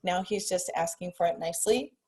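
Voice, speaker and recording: Mom on a video call telling little stories about her kid, chatty and relaxed. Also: fairly low pitch, brisk. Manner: chatty anecdotal, acts out her child's words. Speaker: parent. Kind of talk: casual chat.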